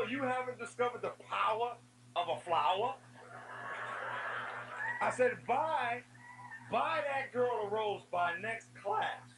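A man giving an energetic youth sermon, telling funny stories and speaking straight to the audience. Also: fairly high pitch, a little hiss or hum, poor audio. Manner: animated storytelling with humor; addresses the audience directly.

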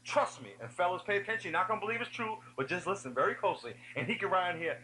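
Lively, bright-voiced man preaching. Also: high voice, rapid-fire, few pauses, a little hiss or hum, rough recording. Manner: animated storytelling with humor; addresses the audience directly. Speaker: youth speaker. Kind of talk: energetic youth sermon.

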